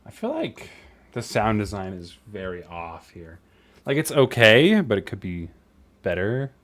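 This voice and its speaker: A young man streaming, reviewing viewer animations in casual, blunt commentary, quick to swear and laugh. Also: on the low side, sing-song, a bit bright.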